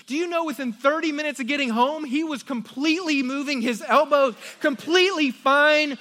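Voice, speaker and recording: Male pastor, high-pitched, animated, hushed then loud, storytelling sermon. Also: brisk.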